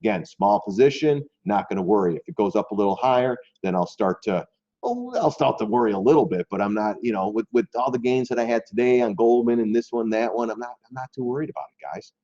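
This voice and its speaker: Middle-aged male trading-stream host, low voice, loose and rambling, muffled lo-fi audio. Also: expressive, fast, mellow. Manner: loose, rambling, repeats words, talks straight to viewers. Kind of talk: casual live stream commentary.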